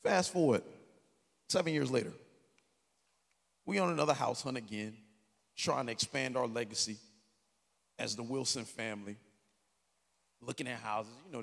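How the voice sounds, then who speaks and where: A man preaching a sermon as a story, swinging from quiet talk to shouted peaks. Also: mid-range voice, creaky. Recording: long hall reverb.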